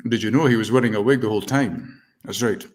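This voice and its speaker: A man doing an impression of a suave older film star with a slow, slushy delivery. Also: fairly low pitch, pitched below the performer's own voice, natural voice.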